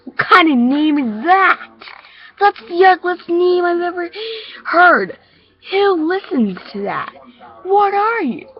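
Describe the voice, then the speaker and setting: A woman voicing a loud, mocking bully boy who leads a street gang, in a shrill, taunting voice. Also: big pitch swings, moderate pace. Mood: jeering. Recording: dull lo-fi recording.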